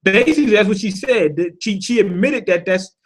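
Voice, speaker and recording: Male reviewer, high-pitched voice, offhand profane recap, slangy and rambling. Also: brisk. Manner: loose and profane, heavy on slang and fillers; animated, thinks aloud with rhetorical questions. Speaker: cartoon episode reviewer. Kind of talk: casual spoken recap.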